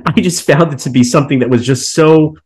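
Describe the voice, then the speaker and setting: A man's voice: on the high side, brisk, darkish tone. A man co-hosting a podcast, arguing his opinions in a heated casual debate and sometimes mimicking others. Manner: opinionated, mimics people in exaggerated voices. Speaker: podcast co-host.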